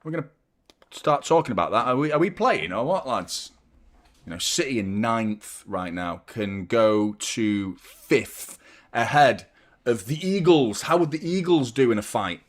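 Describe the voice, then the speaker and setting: Rambling jokey football stream host. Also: male voice, medium pitch, expressive, unhurried. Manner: rambling, jokey, reads out viewer shout-outs. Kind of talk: casual live-stream chat.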